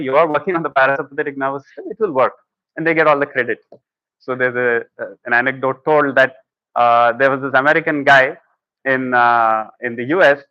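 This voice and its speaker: A man's voice: on the high side, dry recording, highs cut off. A man giving a conversational spiritual lecture, often telling stories and quoting people. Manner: conversational, storytelling with acted quotes. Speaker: speaker at a talk.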